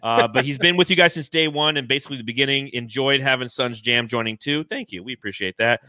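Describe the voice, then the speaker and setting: Excited man with a bright, dry voice. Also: mid-range voice, quick pace, no room sound. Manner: excited, swears freely, reads donations aloud. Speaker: podcast host. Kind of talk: casual fan podcast chat.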